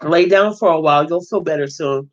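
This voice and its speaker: A motherly woman leader full of concern soothes a girl who claims to feel sick, as a man reads her lines aloud. Her voice sits high and gentle. The recording is muffled and lo-fi. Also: brisk, lightly acted.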